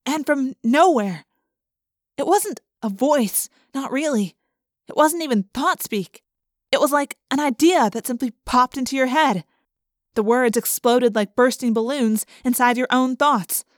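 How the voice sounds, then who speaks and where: A woman's voice: sits high, a little slow, dry recording. Woman narrating an audiobook, dry close sound. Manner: vivid, expressive storytelling. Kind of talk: first-person audiobook narration.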